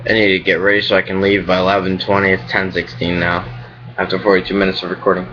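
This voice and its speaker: Low-voiced young man ranting profanely. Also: completely flat delivery, fast talker, a bit bright, muffled recording. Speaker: vlogger. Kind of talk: casual rambling vlog.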